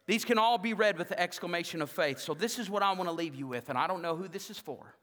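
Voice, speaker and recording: High-pitched preacher in a reverberant hall. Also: male voice, fast, few pauses. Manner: rousing preacher, swings from loud exhortation to hushed intimacy. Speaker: pastor. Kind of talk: sermon. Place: church sanctuary.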